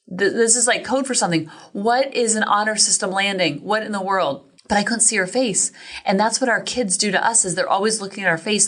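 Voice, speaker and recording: A woman hosting a parenting podcast, telling a story in a chatty, animated way and acting out what people said. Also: mid-range voice. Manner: chatty, animated, acts out quotes. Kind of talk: casual solo podcast storytelling.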